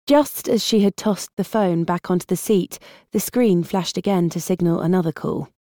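A woman with a British accent reading an audiobook in an even, wry storytelling manner. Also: on the low side, moderate pace, dry recording, clean studio sound. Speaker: audiobook narrator. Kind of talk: scripted narration.

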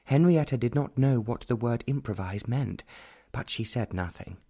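Mellow-voiced male audiobook narrator. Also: medium pitch, normal speed, breathy edge. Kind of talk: scripted narration.

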